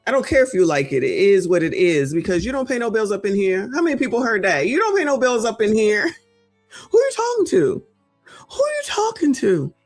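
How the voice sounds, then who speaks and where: A woman's voice: medium pitch, expressive, a little fast, soft background music. A woman in her forties or fifties from the United States, hosting reaction commentary and talking to viewers in a sassy, blunt way. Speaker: commentary channel host.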